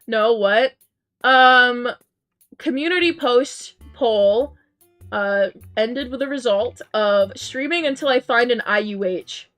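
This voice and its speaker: A woman's voice: a little high, slow, fairly bright tone. Giggly chatty woman streamer. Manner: chatty and giggly, many ums and restarts. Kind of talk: casual live-stream chat reading chat messages. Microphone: headset mic. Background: faint game music.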